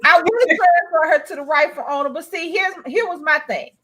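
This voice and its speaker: A woman's voice: high-pitched, fairly quick, pushed and bright. A woman co-hosting a casual chat, telling stories in a blunt, profane, laughing way. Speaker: co-host.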